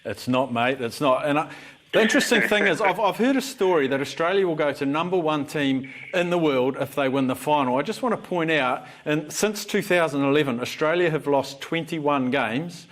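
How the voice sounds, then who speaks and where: A man's voice: a little high, animated, normal speed, fairly bright tone, slight background noise. A man co-hosting a sports show, teasing the guest with jokes and laughing easily. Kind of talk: casual sports chat.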